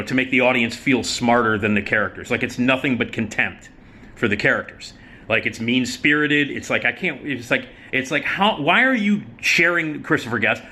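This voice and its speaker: A man's voice: medium pitch, sharp tone, slight background noise. A man hosting his own show, ranting about comedies he dislikes in a profane, emphatic way. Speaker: host. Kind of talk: opinionated solo commentary.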